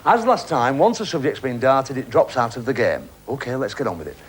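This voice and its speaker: A man's voice: medium pitch, very animated, a little fast, a little hiss or hum. A middle-aged man hosting a quiz show, joking and teasing the contestants and laughing often, heard over a 1980s TV broadcast in front of a studio audience. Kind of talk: game show banter.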